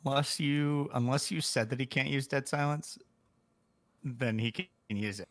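Man, bright forceful voice, playful, casual chat. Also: mid-range voice, normal speed. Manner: teasing, playful.

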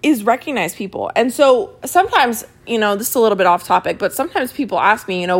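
A woman's voice: mid-range voice, quick pace, hardly any pauses. A woman hosting a motivational podcast, talking energetically and often tagging her points with "right?". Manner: energetic, repeats phrases, says y'all and right. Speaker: podcast host and team leader. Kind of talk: motivational solo podcast talk.

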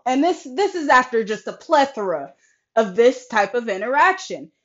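A woman's voice: medium pitch, moderate pace. Exasperated young woman venting frankly. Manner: frank and exasperated, heavy swearing, animated retelling. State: sore throat. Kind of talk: casual venting vlog. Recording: slightly dull lo-fi recording.

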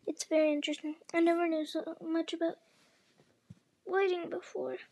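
A woman's voice: very high-pitched, fairly even intonation, moderate pace, gravelly, a little mellow. A woman reading the lines of a curious, polite young girl in a storybook, timid and wondering.

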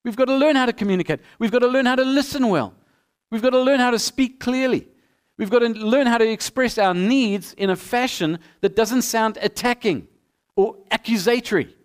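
A middle-aged male pastor preaching a sermon with animated storytelling, acting out both sides of the dialogues. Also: extremely high pitch, normal speed, clean tone. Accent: non-American.

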